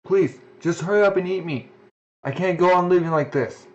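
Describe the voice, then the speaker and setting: A man's voice: high-pitched, moderate pace, darkish tone, highs cut off, pitched above the performer's own voice, close to an everyday voice. A man reading the lines of a despairing, self-blaming young man in a manga reading, close to his own voice. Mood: pleading.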